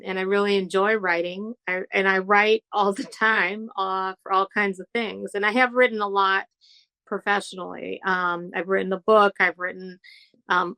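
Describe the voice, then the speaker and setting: A woman's voice: mid-range voice, pushed and bright, clean tone, no echo, low-quality recording. A woman born in the United Kingdom, a trial lawyer telling stories as a guest in a casual interview. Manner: chatty storyteller, acts out quoted voices.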